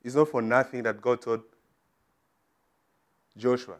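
A man's voice: medium pitch, measured pace. Man, preacher, sermon, emphatic, middle-aged. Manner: emphatic, rising to loud declarations.

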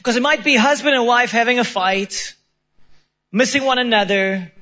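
A man's voice: very high voice, normal speed, bright, forceful tone, highs cut off. A man preaching a sermon, telling a personal story in an earnest, self-deprecating way, with quoted asides. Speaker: pastor.

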